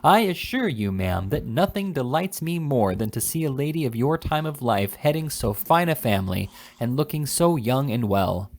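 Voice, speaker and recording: A man voicing a polite, genial elderly English gentleman in an audiobook reading, speaking courteously. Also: mid-range voice, expressive, normal speed, few pauses, husky. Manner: courteous and earnest.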